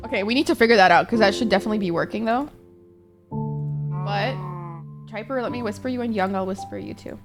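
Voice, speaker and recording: A woman's voice: medium pitch, fairly quick, long pauses, over music. A woman streaming a game live, chatting casually with her viewers, swearing often and reacting to chat.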